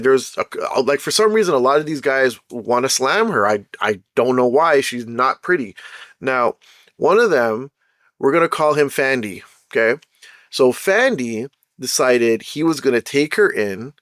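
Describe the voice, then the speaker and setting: A man's voice: medium pitch, moderate pace, no room sound, clean studio sound. A man hosting his own show, telling a personal story in a casual, slangy way and checking in with the listener often. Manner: slangy and animated, keeps saying "bro" and "right?".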